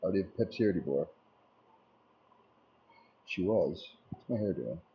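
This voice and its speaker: On a live stream, a man with a low voice and lively intonation chats casually at a moderate pace, rambling in a laid-back way while answering viewer messages aloud. The stream audio is dull and lo-fi, with faint noise.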